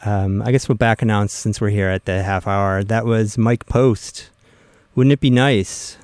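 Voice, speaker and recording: A man's voice: on the low side, steady tone, measured pace, a little mellow, no room sound, clean studio sound. A man hosting a radio music show, back-announcing records in a casual, joking way. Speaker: radio host. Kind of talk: casual on-air chat.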